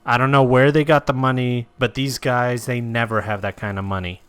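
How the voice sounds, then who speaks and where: Casting: a man playing a twitchy arms dealer, defensive and rambling, smooth dry voice. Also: medium pitch, fairly even intonation, a little fast, no room sound, lightly acted. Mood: nervous. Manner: rambling, defensive, loud protests. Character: nervous shady male arms dealer, defensive.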